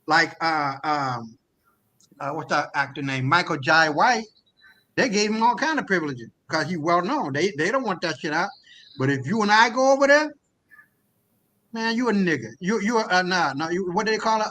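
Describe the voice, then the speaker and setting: High, bright-voiced man ranting hotly. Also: poor audio. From United States. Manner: impassioned, profane, often raising his voice to near shouting. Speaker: guest on a discussion call. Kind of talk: heated ranting talk.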